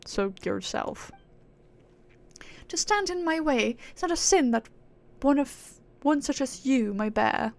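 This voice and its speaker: A proud, otherworldly female spirit from a fantasy game, talking down to mere mortals in a put-on British accent, played by a woman reading her lines. Her manner is lofty and theatrical. The tone sits a little high with a gravelly fry underneath. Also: animated, slow, heavily acted. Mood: grandiose. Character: haughty divine female spirit, aloof and grandiose.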